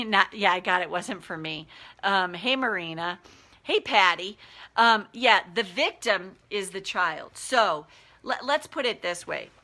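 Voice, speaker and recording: A woman's voice: medium pitch, a little slow. A middle-aged woman, a life coach, talking casually on a live stream and acting out the voices in her head. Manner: animated, acts out inner voices.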